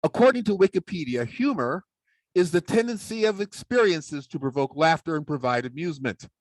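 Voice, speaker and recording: A man giving a humorous speech in a playful, mock-serious way. His voice is a little high and very animated. The sound is dry and close. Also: a little fast, no echo. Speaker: public speaking champion giving a talk.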